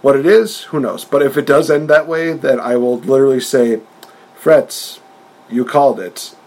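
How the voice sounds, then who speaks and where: A man co-hosting a wrestling podcast in casual chat, talking with animated energy, laughing often and acting out quotes in a raised voice. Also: mid-range voice, fairly quick, rough recording. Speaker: podcast co-host.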